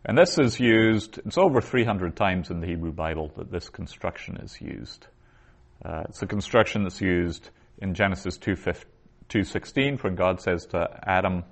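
A man with a deep, gravelly voice teaches a recorded lesson on Biblical Hebrew grammar. He explains things patiently and reads phrases aloud slowly.

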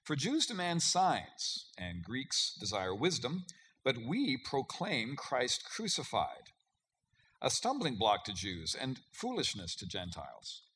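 A man preaching with a lively, swinging delivery and a bright, forceful tone. He talks conversationally, with hesitant fillers, then presses on key words. A faint hum of the room sits behind him. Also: medium pitch, slow pace. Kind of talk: sermon.

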